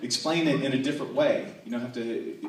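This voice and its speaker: A man's voice: medium pitch, fast. A man from North Carolina doing a playful stand-up comedy set, with frequent asides to the audience. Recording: echoey hall, distant mic, faint ambience.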